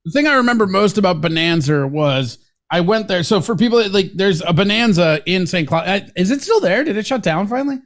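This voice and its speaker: A man's voice: sits high, expressive, a little fast, hardly any pauses, fairly bright tone. A male co-host, telling rambling stories full of swearing in casual banter. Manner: rambling, swears, laughs at his own stories. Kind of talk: casual radio show banter.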